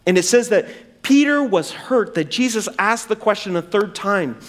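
Guy preaching in church, voice jumps all over, goes big then drops way down quiet. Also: high-pitched, animated. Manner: dramatic swings from loud emphasis to hushed, drawn-out words; acts out quoted dialogue in raised voice. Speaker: pastor. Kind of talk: sermon.

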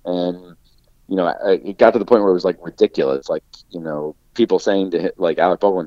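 A man with a low voice speaks a little fast on a dry, dull lo-fi recording. He's an actor appearing as a podcast guest, casually and animatedly telling a long anecdote packed with "like" fillers.

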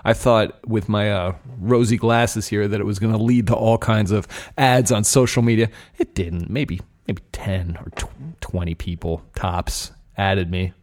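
This young adult man hosts a beer podcast, talking casually and candidly about a beer's taste, rambling and swearing now and then. His voice sits on the low side, steady and a bit mellow, at a measured pace.

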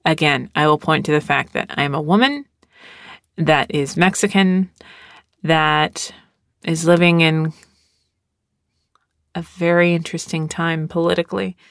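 Young woman podcaster rambling on, kinda sarcastic, lowish voice, super dry close mic. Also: steady tone, unhurried, pauses often, dry recording. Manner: rambling, sarcastic, many fillers. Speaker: podcast host. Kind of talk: casual solo podcast talk.

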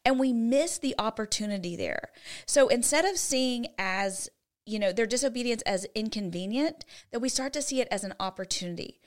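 A woman's voice: a little high, lively intonation, moderate pace. A woman co-hosting a faith-based parenting talk, teaching in an earnest way and often checking in with "right?". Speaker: co-host.

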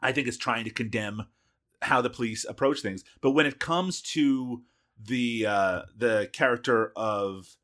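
A man co-hosting a film podcast, relaxed and laughing easily, hedging with filler phrases. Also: medium pitch, unhurried. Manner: relaxed, laughs easily, hedges with "you know". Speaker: podcast co-host. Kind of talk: casual film review chat.

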